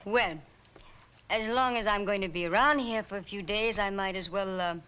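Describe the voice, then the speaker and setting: A woman's voice: mid-range voice, moderate pace, bright, forceful tone, clear, resonant tone, natural voice. An actress playing a vain woman singer who dotes on her lap dog, speaking in an affected, fussy way with a put-on French accent. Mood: coy, cooing. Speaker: traveling singer.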